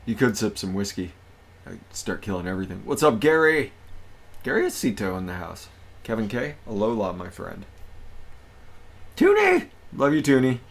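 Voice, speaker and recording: A man hosting a casual livestream with a gravelly, raspy edge to his voice. His pitch swings widely as he greets viewers one after another. The talk is upbeat and relaxed. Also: normal speed, long pauses. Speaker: livestream host.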